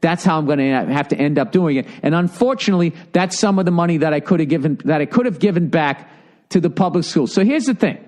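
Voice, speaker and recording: Man, high voice, comedian, fired-up sarcastic rant, swearing nonstop. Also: expressive, quick pace, a little mellow. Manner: heated, sarcastic, swears constantly. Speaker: comedian podcast host.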